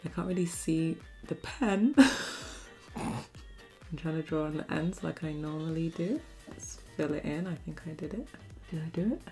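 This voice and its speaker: A young woman with a slightly low voice and a gravelly, creaky texture chats her way through a makeup tutorial. She is giggly and talkative, close to the camera mic, with soft music playing underneath. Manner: giggly, chatty, often bursting into laughter. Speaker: beauty vlogger. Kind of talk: casual makeup tutorial chat.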